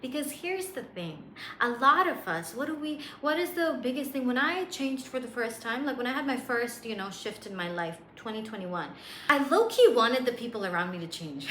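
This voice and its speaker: A woman giving a motivational faith talk as a spiritual coach, casual and slangy, telling an animated story. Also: fairly high pitch, brisk. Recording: roomy echo, faint hiss.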